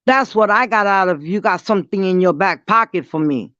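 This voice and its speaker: A woman ranting bluntly to her viewers in a casual vlog, defiant and dropping quick apologies. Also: mid-range voice, fairly bright tone, no echo. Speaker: vlogger. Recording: dull lo-fi dry sound.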